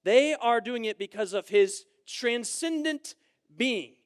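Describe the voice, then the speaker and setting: A young man delivers a camp sermon in a strikingly high voice. He preaches with emphasis, repeats key phrases and moves between loud proclamation and hushed explanation. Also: animated, slow pace, clear, resonant tone. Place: church camp meeting room.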